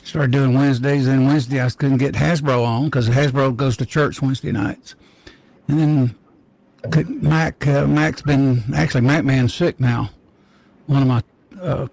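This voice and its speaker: A man's voice: mid-range voice, creaky, darkish tone, no echo, poor audio. A man from Georgia chatting casually on a live-stream panel, meandering from one story to the next.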